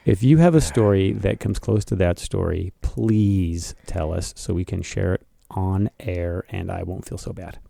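A man co-hosting a podcast, telling a story in a casual chat, animated and laughing as he acts out the people in it. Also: low voice, unhurried, vocal fry, few pauses, dry recording. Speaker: podcast co-host.

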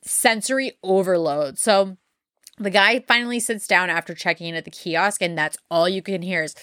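A woman's voice: medium pitch, normal speed, fairly bright tone, no room sound. Young woman podcaster rambling a story, lots of likes, cusses, dry close sound. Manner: filler-heavy, swears bluntly. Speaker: podcast host. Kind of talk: casual storytelling.

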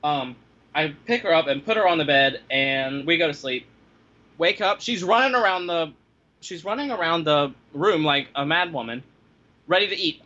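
A man tells pet-sitting stories in a casual chat, acting out his own past reactions with animated energy. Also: on the high side, normal speed. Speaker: podcast guest telling pet-sitting stories. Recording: slightly dull lo-fi sound.

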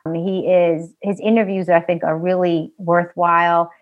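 A woman with a New York accent, a health specialist guest on a casual podcast interview, giving brisk, emphatic advice. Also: on the low side, level tone, muffled recording.

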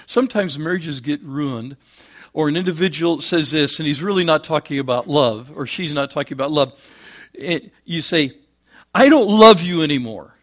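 Guy preaching a sermon, kinda high voice, gets loud then drops way down quiet, folksy jokes. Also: expressive, moderate pace. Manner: swings from loud emphatic peaks to quiet low asides, homely jokes.

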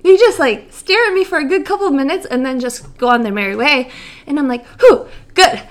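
A young woman from near the Great Lakes, co-hosting a chat show and telling a story animatedly with laughs and acted-out quotes. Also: fairly quick. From Great Lakes region, USA. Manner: animated, laughing, acts out quotes with big jumps in pitch. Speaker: podcast co-host.

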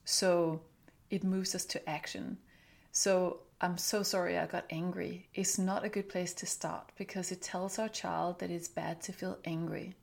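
Low gravelly woman giving parenting advice. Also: darkish tone. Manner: earnest, instructive, acts out example phrases. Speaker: parenting podcast host. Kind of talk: advice monologue.

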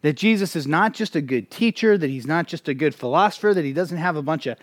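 A male pastor delivering a sermon in a fairly high voice, pressing his points with emphasis and often restarting phrases. The sound is dry and close, with no room echo. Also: expressive, fast talker.

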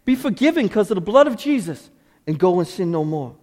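A pastor preaching a sermon with passion, moving between pleading cries and hushed intensity. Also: male voice, sits high, very animated, brisk. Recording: long hall reverb.

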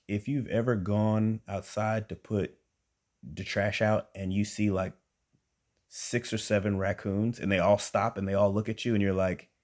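Young man, low voice, chatty storyteller who addresses the audience. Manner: animated, conversational, addresses listeners directly. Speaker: storyteller and podcast host. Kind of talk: comic personal storytelling.

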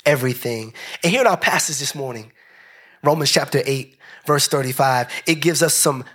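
A man preaching a lively sermon, joking with the congregation, dropping into slow low phrases and rising into high shouts. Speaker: pastor.

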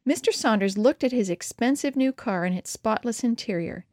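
A woman's voice: fairly high pitch, animated, normal speed, darkish tone, dry recording. Woman reading a story, dry and close. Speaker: narrator.

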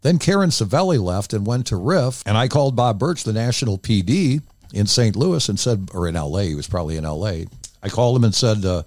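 A man's voice: lowish voice, very animated, fairly quick, darkish tone, no echo, clean studio sound. An older man, a former radio DJ, tells candid stories in a casual interview and rambles into many asides.

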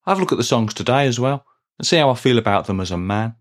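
A middle-aged man talks in an earnest, deadpan way. His pitch sits in an ordinary middle range. He plods through a scripted comic monologue at a steady pace. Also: very fast. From Birmingham, England. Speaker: podcast host.

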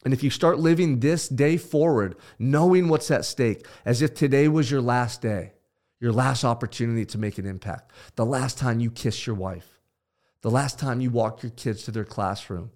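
A man hosting a podcast, giving an intense, emphatic motivational pep talk with blunt swearing. He swings between loud pushes and low, hushed stretches. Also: normal speed. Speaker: podcast host.

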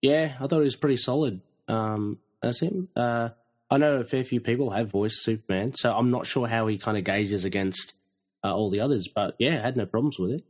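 A man's voice: mid-range voice, brisk. A man in a casual podcast chat, agreeable and asking short questions.

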